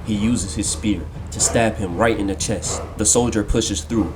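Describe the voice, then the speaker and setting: A man narrating a fan-made game story in a steady, descriptive storytelling manner. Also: on the low side, normal speed, background noise. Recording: loud music under the voice.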